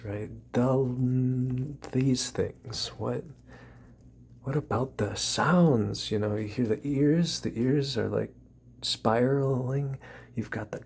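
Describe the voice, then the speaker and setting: A man with a low, gravelly voice wanders through loose ASMR musings, slipping in and out of soft whispers. He talks unhurriedly and repeats words in long, lulling strings. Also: slight background noise. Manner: meandering, repetitive, drifting into soft whispers. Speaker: ASMR creator.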